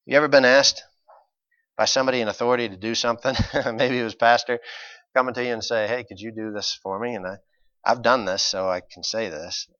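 A man preaching a sermon, moving between quiet, conversational asides and loud, emphatic points with mock voices. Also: lowish voice, steady tone, fast talker, dry recording, lo-fi sound.

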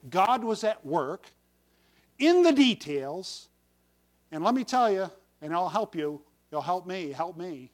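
A man preaching a folksy sermon to his congregation, with sudden emphatic bursts on key words. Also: sits high. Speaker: pastor.

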